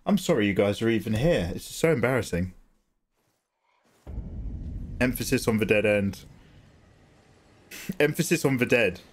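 A man's voice: on the low side, lively intonation, unhurried, pauses often, breathy edge. A man doing live gameplay commentary as a streamer, joking with and teasing back at his viewers.

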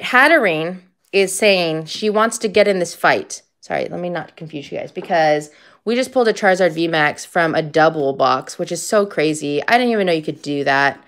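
A woman's voice: on the low side, fairly bright tone. A woman in her fifties streaming card-pack openings, chatty and gushing, shrieking with joy at big pulls. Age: 50s.

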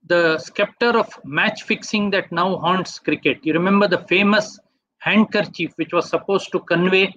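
A man giving a webinar talk, walking through slides in a measured way. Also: sits high, a bit bright, dry recording. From India. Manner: measured, asks for next slide often. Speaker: webinar speaker. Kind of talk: slide presentation lecture. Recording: dull dry online audio.

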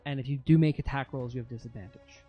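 A man's voice: medium pitch, fairly even intonation, fast talker, lo-fi sound, faint music behind. A man running a tabletop game as game master, narrating monster actions vividly and explaining rules, with frequent fillers.

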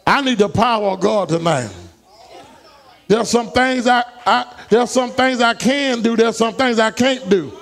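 Fervent high-voiced preacher, gravelly. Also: male voice, unhurried. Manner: fervent preacher, rising into shouts and high whoops. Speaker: pastor. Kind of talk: sermon. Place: church sanctuary.

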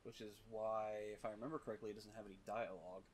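A man's voice: fairly low pitch, steady tone, fast, a little hiss or hum. Rambling, cussing man narrating gameplay. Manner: rambling, swears freely, many fillers. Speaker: let's play commentator. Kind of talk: casual gameplay commentary.

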